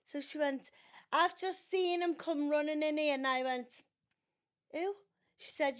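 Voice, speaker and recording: A woman's voice: sits high, measured pace. An older woman, chatting as a podcast guest and telling family stories, acting out the voices of the people in them. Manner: animated storyteller acting out quotes in raised voices. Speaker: podcast guest, mother of the host. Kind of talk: casual storytelling chat.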